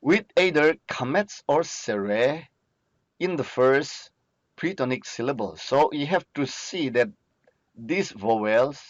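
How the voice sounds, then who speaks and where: Male teacher, slow and patient, dry close-miked lo-fi lecture recording. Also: medium pitch, animated, dry recording. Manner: slow, patient, asks and answers own questions.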